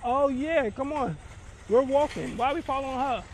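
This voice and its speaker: High-voiced man teasing his family. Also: normal speed. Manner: teasing, playful banter. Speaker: vlogger. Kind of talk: casual family chat.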